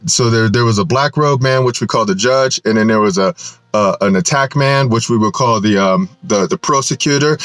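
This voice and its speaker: A man's voice: mid-range voice, no echo. A man giving a rambling, preachy solo talk to his channel, tagging nearly every point with "right?" and chuckling now and then. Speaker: channel host. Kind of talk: casual rambling monologue.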